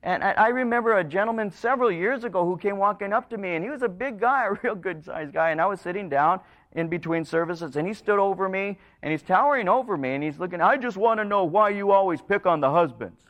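A man preaching a sermon, telling stories in an animated way and sometimes dropping to quiet, low asides. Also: fast talker. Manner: storytelling, animated, rising in pitch for emphasis. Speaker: pastor.

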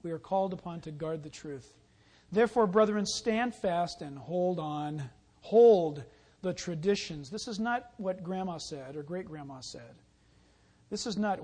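A man, a pastor preaching a sermon who tells stories and calls out loudly at the exciting moments. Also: high-pitched, moderate pace. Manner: storytelling, shouting and calling out when excited.

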